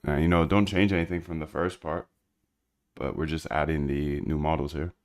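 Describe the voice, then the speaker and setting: This is a man with a very low voice, loose and slangy as he works through code on a live stream. He mutters to himself and tosses asides at his chat in an easygoing, rambling way. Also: level tone, normal speed. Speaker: livestreaming programmer.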